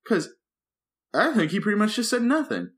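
A man who is a pastor and podcast co-host, talking casually in rambling, animated bursts full of restarts. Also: sits high, moderate pace. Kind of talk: casual chat.

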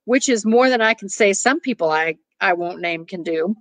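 A spoiled, sarcastic younger sister who fires back snippy remarks, as a woman reader puts her on. She calls out at a middling pitch, and the sound is dry and close. She is a storybook figure with a sharp tongue. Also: lively intonation, normal speed, no room sound, natural voice.

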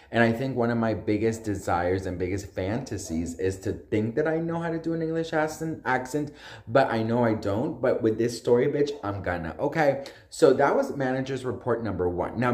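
A sassy man doing casual gossip commentary, with a pitch that leaps all over the place as he talks. His delivery is animated and full of swearing. The sound is roomy, with clear echo.

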